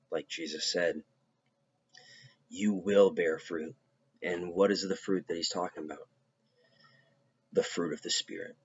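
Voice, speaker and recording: A man giving an informal devotional talk, casual and halting, with many fillers. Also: deep voice, fairly even intonation, breathy edge. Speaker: preacher. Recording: dull lo-fi recording.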